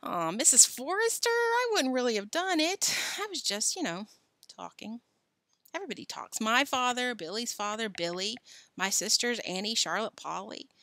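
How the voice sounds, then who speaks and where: Lady doing a glib little kid talking fast to dodge trouble, dry sound. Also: medium pitch, bright, forceful tone, no room sound. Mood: flustered. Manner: glib, wheedling. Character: cheeky fast-talking boy, about ten.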